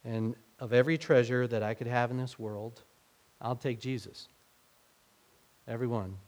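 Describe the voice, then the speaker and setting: A man's voice: mid-range voice, little pitch movement, brisk, darkish tone. Conversational man preaching a sermon. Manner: conversational, acts out quoted speech with rising emphasis. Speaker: pastor.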